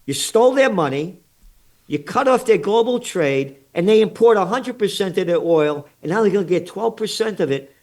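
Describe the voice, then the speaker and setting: A man's voice: sits high, animated, moderate pace, a little mellow. An older American man with an American accent, a trends forecaster giving blunt, sarcastic, indignant commentary in an interview, full of rhetorical questions.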